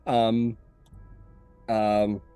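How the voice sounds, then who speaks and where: A man's voice: on the low side, completely flat delivery, drawn-out words, mellow, smooth. A man narrating a tabletop game as game master, casual and rambling with many fillers.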